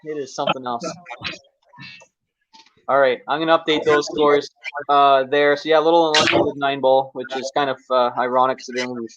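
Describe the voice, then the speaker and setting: Relaxed Canadian man hosting a stream. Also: mid-range voice, brisk, highs cut off. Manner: relaxed, joking, with fillers. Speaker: tournament host. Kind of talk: livestream commentary.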